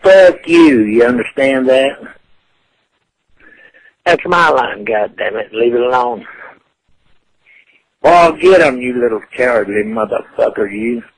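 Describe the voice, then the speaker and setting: Gravelly, furious man cursing. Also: mid-range voice, expressive, a little slow, long pauses, low-quality recording. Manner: profane, furious, taunting. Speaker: prank call target. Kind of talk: angry phone argument.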